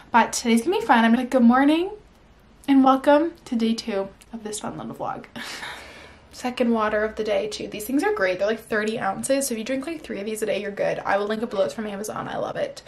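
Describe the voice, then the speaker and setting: A woman in her twenties vlogs casually to the camera from home, upbeat and chatty and filling her speech with lots of "like". Her voice is a little high and her pace is quick.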